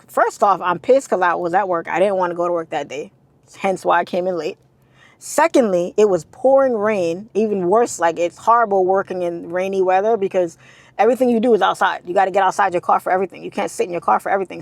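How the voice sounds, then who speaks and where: A woman's voice: fairly low pitch, a little fast, no echo. A woman telling a candid story for her vlog, blunt and casual, swearing freely and repeating herself for emphasis.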